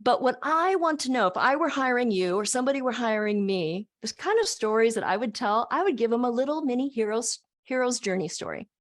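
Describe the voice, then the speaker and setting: An older woman, a speaker and college teacher, gives an animated motivational talk over a video call. She talks expressively, restarting her sentences often. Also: fairly high pitch, a little fast, hardly any pauses.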